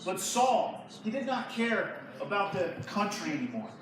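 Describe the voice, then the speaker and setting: A man, a youth pastor, retelling a Bible story in a lively, slangy way to a church group. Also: high-pitched, moderate pace. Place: church hall. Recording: echoey hall from far off, faint noise.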